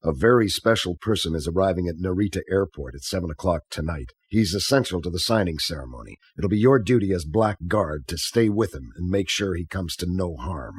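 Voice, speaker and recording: A man's voice: low voice, lively intonation, fairly quick, hardly any pauses, husky, no echo, studio quality. An actor playing a stern male boss who gives orders in a grave, commanding way in an anime dub.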